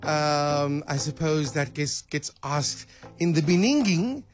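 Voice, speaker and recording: A man's voice: a little high, expressive, slow pace, faint music behind. A man co-hosting a night radio show in casual chat, hesitant and full of restarts. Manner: hesitant, many restarts and fillers.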